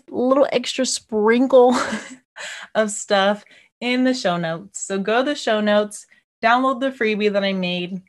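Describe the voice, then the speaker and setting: A woman hosting her own podcast in a bubbly, chatty way, speaking from a home laundry room. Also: medium pitch. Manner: bubbly, chatty, often says "like" and "y'all", laughs easily. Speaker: podcast host. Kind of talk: casual solo podcast chat.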